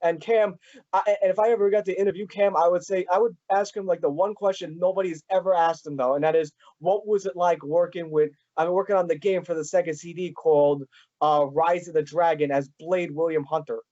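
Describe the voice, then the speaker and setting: A young male podcast host with a high-sitting, steady, dark-toned voice speaks briskly in a casual interview chat. He's eager and rambling, full of fillers, and the sound is dull and lo-fi.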